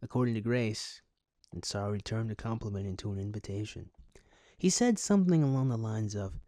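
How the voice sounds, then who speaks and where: A man reading a news article aloud and breaking off into sarcastic, deadpan comic asides. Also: medium pitch, a little fast, no echo. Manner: sarcastic, deadpan asides between read passages. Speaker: commentary YouTuber.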